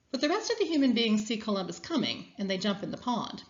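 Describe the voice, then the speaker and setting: A woman reading a children's story aloud as a guest speaker, with expressive storytelling. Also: on the high side, fast talker, hardly any pauses, highs cut off.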